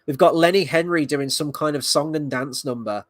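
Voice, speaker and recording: A man's voice: a little high, moderate pace, no echo. A man giving a casual spoken review of a TV episode, rambling and sarcastic, swearing now and then. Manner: rambling, sarcastic, swears, mocks scenes in quoted voices. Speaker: video reviewer.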